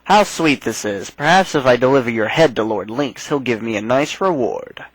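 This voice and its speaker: A man's voice: mid-range voice, animated, moderate pace, no room sound, lightly acted, low-quality recording. A man voicing a scheming goblin boss, reading game dialogue aloud in a mocking, gloating way.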